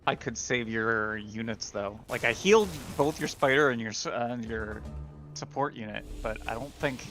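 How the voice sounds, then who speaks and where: A man with a mid-range voice speaks calmly during a multiplayer game, giving short, practical answers to his teammate. Soft game music hums in the background. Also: mid-range voice, normal speed. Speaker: gamer. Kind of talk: casual multiplayer chat.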